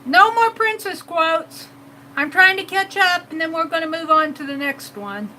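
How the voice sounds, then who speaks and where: High-voiced giggly woman hosting a live stream. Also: normal speed, bright, forceful tone, a little hiss or hum, low-quality recording. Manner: giggly and playful, laughs often. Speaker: art live stream host. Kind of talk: casual live stream chat, reading viewer comments.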